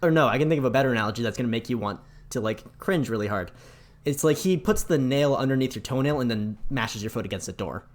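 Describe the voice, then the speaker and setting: A man's voice: mid-range voice, expressive, fast. A man co-hosting a casual podcast, animatedly retelling game scenes and mimicking a villain in a mocking voice. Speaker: podcast co-host. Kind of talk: casual chat about video games.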